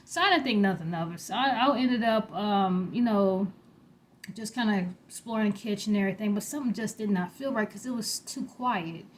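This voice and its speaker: A young adult woman casually telling a frightening personal story, growing animated and louder when alarmed. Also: fairly quick, slight background noise. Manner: animated, rising in pitch and loudness when alarmed.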